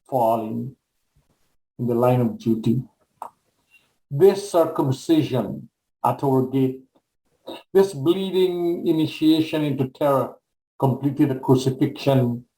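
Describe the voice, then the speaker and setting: Slow, measured older Caribbean-born man reading poetry. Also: mid-range voice, warm tone, roomy sound, rough recording. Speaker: guest poet. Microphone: video call.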